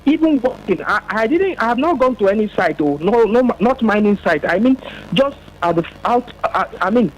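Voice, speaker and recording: A man's voice: high voice, expressive, moderate pace, poor audio. A man from Nigeria calling in to a radio talk show, talking at length with restarts and fillers. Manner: talkative, with restarts. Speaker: caller. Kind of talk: phone-in call.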